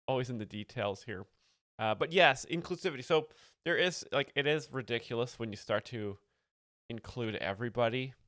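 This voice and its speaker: A man hosting a livestream, explaining jokes in a mock-earnest, deadpan way with lots of fillers. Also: mid-range voice, moderate pace, no room sound, clean studio sound. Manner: mock-earnest, reading chat, many fillers. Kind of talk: deadpan satirical commentary.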